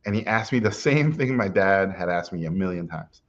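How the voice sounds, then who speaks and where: A middle-aged man telling a personal story in a lively way, acting out what people said to him, with frequent "uh"s. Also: sits low, a little fast, dull audio. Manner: lively anecdotal, acts out quotes, frequent "uh". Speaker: animation guest speaker.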